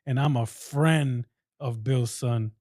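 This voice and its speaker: A male interview host who listens with soft murmured affirmations and then speaks warmly to his guest. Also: medium pitch, steady tone, slow pace, no room sound, clean studio sound.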